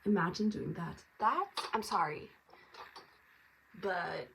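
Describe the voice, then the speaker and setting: A tired woman from France chatting casually as she gets ready, rambling and now and then dropping to a soft whisper. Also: on the low side, takes it slowly, vocal fry, a little hiss or hum. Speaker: vlogger. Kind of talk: casual get-ready-with-me chat. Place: at home getting ready. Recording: distant mic, faint room ambience.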